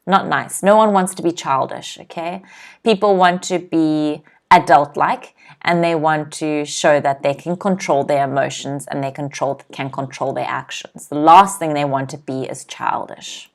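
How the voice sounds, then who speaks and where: English teacher drilling pronunciation, lowish voice. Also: female voice, fairly even intonation. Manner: clear, slow word-by-word pronunciation drills with frequent "okay?" checks; reads viewers' comments aloud and laughs lightly. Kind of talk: live online vocabulary lesson.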